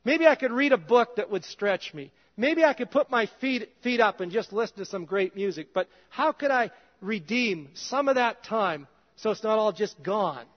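A male pastor preaching a conversational sermon in a church, his voice dropping soft and low at times. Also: lively intonation, normal speed, hardly any pauses. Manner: conversational, drops soft and low in quoted prayers. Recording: dull reverberant hall sound.

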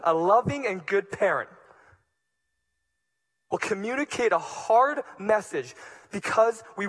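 A man preaching a sermon as pastor, moving between hushed, low passages and loud, emphatic ones.

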